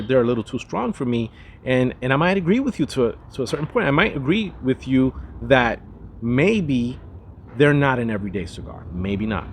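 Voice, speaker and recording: A man with a medium-pitched voice hosts a casual cigar review, talking in a chatty, rambling manner with frequent asides and restarts. Slight background noise is present.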